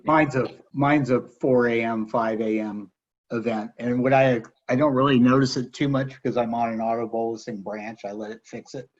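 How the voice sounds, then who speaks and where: A man joining a video call, talking in a halting, hesitant way. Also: mid-range voice, fairly even intonation, muffled recording. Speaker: participant.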